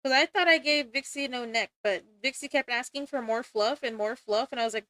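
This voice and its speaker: A woman's voice: on the high side, fairly quick, a bit bright, no echo. A young woman streamer chatting casually while drawing, rambling and giggling, with casual swearing.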